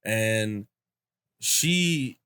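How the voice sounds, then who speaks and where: A man's voice: lowish voice, expressive, very slow, bright, forceful tone, clear, resonant tone. A young man hosting a podcast, retelling a story in casual chat, full of fillers and quoted voices. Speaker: podcast host.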